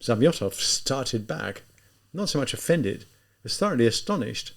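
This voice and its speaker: Man, audiobook narration, measured, lively pitch, mid voice. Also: gravelly. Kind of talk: scripted narration.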